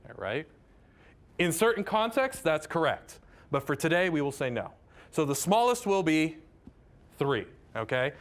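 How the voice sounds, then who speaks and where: A man's voice: medium pitch, a bit bright. A man giving a casual math lecture. He chats, drifts into tangents and keeps checking in with "right?".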